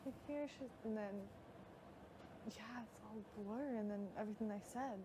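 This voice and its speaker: A young woman, a reality show houseguest, chatting casually and excitedly, acting out what others said. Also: a little high, normal speed. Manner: excitable, quotes others in animated voices. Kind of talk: casual chat. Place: live feed house recording. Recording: noisy live feed audio.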